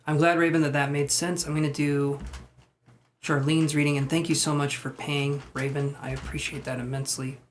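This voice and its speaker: A man's voice: on the high side, flat delivery, normal speed, a little hiss or hum. A man giving tarot readings on a live stream, chatty and self-deprecating as he talks to viewers. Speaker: tarot reader.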